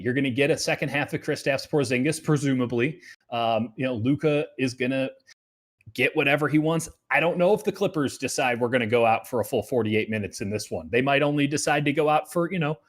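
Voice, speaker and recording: A man hosts a sports betting show in a loose, casual way. He talks at an ordinary middle pitch, and his energy rises and falls, often slipping into low, quiet asides.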